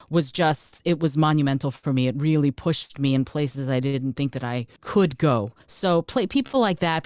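Earnest woman near tears, low voice. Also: dry recording, clean studio sound. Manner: restarts and repeats words. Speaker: podcast host and coach, guest. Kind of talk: casual interview talk.

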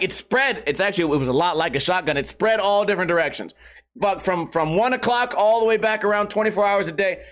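A young man telling a comic story as a ranting, exasperated stand-up bit, swearing heavily and bursting into shouts. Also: high-pitched. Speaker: comedian. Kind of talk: profane comedic storytelling rant.

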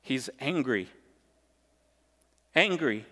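Slow, impassioned preaching man. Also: medium pitch, animated, bright, forceful tone. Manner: impassioned, emphatic preaching with repeated phrases. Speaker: pastor. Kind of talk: sermon. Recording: long reverb of a large hall.

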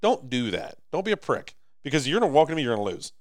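A man with an American accent co-hosting a podcast in casual chat, rambling and animated, swinging between loud and soft. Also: mid-range voice, quick pace, no echo, clean studio sound. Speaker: podcast co-host.

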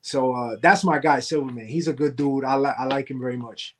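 A man's voice: mid-range voice, steady tone, fairly quick, fairly bright tone. A man, a wrestling heavyweight champion, talking trash as a podcast guest. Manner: cocky trash talk. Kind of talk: podcast interview.

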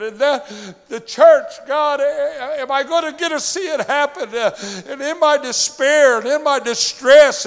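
High, gravelly preacher in a hall. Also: male voice. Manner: builds from quiet storytelling to shouting, with frequent "uh" fillers. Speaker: pastor. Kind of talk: sermon testimony. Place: church.

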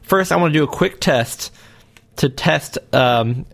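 A man's voice: fairly high pitch, animated, unhurried, vocal fry, fairly bright tone. Rambling joking man hosting a podcast. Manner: rambling, joking, filler-heavy. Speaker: podcast host. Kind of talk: casual chat.

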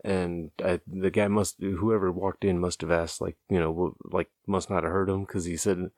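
A man's voice: deep voice, flat delivery, moderate pace, hardly any pauses, a little mellow, no echo, studio quality. A man casually telling a rambling, amused anecdote, loose and profane, often chuckling at his own tale. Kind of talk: casual storytelling.

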